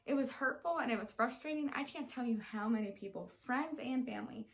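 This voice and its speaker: A woman's voice: on the high side, brisk, gravelly, poor audio. A young woman in casual chat, a chatty storyteller with many fillers. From Texas. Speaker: co-host.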